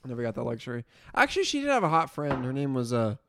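A young man co-hosting a casual podcast, bantering with quick teasing asides and casual swearing. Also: medium pitch, huge pitch swings, background noise. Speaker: podcast co-host. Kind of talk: casual chat.

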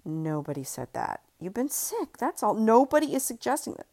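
Woman reading as a gentle anxious husband. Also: on the high side, very animated, gravelly, voice pushed up, exaggerated voice. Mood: placating. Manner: soft, hurried, stammering.

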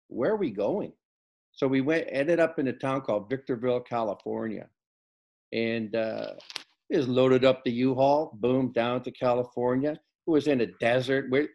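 A man, a basketball coach, recounts his career in a relaxed interview. He slips into quoted dialogue as he goes, playing out each exchange. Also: mid-range voice. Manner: tells stories by acting out quoted dialogue. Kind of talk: casual storytelling interview.

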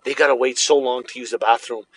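A young man co-hosting a podcast, telling a funny story in an animated, joking way. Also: medium pitch, quick pace, breathy edge, low-quality recording. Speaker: podcast co-host. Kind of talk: casual chat, storytelling.

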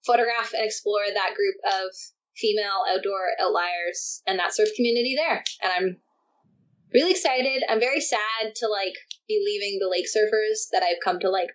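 A young woman guest on an interview, telling surf stories in a lively, animated way with frequent laughs. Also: medium pitch, moderate pace. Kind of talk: casual interview chat. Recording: dull lo-fi sound.

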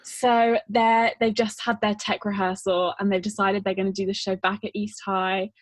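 A woman's voice: mid-range voice, little pitch movement, moderate pace, no echo. A young woman from the UK, a guest on a casual podcast interview who talks in a bubbly, giggly way with lots of "like". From United Kingdom.

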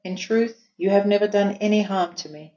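A woman's voice: medium pitch, moderate pace, dark tone, close to an everyday voice. A woman voicing a proud, hot-tempered man in a storybook reading. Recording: echoey room, dull lo-fi sound.

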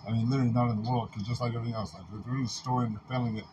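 An agitated man rants in a loose, rambling monologue, swearing constantly and piling up filler words. He talks quickly. The recording is muffled and lo-fi, with a faint hiss of noise behind him. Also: mid-range voice, fairly even intonation. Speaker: podcast host.

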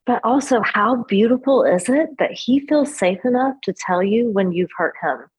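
A woman's voice: fairly high pitch, animated, normal speed, darkish tone, breathy edge, rough recording. A woman therapist on a podcast, speaking candidly and reassuringly, often laughing. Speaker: therapist guest. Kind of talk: casual podcast chat.

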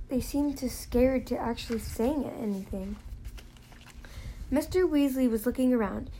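A woman's voice: a little high, dark tone, poor audio. A woman reading a novel aloud in a plain manner, now and then slipping and restarting a phrase. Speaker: reader.

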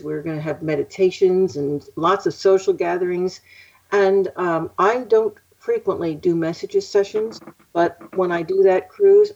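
A woman's voice: lowish voice, gravelly, darkish tone. An older woman, a psychic guest, telling stories in a casual interview, chatty and laughing often. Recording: muffled lo-fi audio.

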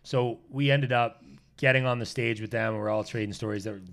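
Guy, bright voice, swears a lot, laughs thru his stories, chill podcast chat. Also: medium pitch, fairly quick, vocal fry. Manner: animated, swearing, laughing storyteller. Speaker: podcast guest. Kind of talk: casual storytelling chat.

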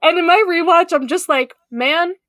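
A woman's voice: on the high side, moderate pace, fairly bright tone, no room sound, clean studio sound. A woman co-hosting a podcast in casual chat, rambling and swearing as she tells a story. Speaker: podcast co-host.

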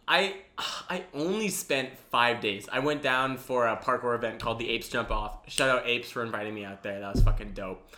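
A man's voice: medium pitch, moderate pace, pushed and bright. Laid-back man in an echoey room. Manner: laid-back, filler-heavy, profane. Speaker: podcast host. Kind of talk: casual podcast chat. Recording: echoey room with faint noise.

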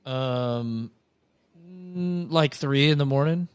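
A man's voice: on the high side, slow pace, smooth, no echo. A man chatting casually as a co-host, crude and blunt, often laughing at himself. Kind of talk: casual chat.

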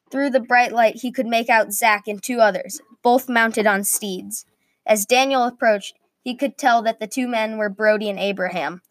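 A woman's voice: a little high, dry recording. Woman reading a medieval story aloud. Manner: steady reading with small slips.

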